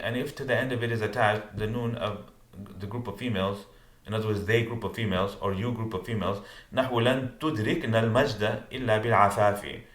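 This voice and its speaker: Male teacher, lower voice, explaining a grammar text line by line, roomy echo. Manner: reads Arabic text then translates and explains with asides.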